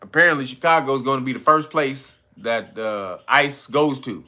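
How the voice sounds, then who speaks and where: A man hosting a casual news commentary show, talking in a profane, slangy way and acting out quotes in loud high voices between laughs. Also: normal speed. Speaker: commentary podcast host.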